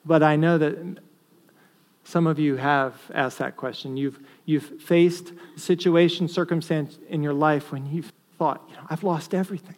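Earnest high-voiced male preacher. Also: fairly even intonation, unhurried. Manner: earnest, rises to emphatic stresses then drops to quiet asides. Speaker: pastor. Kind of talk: sermon.

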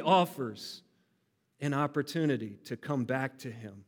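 A man's voice: mid-range voice, measured pace. Emphatic preacher man in a reverberant sanctuary. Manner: expressive, builds to loud emphatic peaks. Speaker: pastor. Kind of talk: sermon. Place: church sanctuary.

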